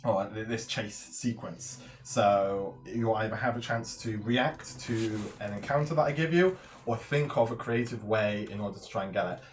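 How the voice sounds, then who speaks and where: A man running a tabletop game as game master, describing scenes and explaining rules in a measured way. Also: lowish voice, a little hiss or hum.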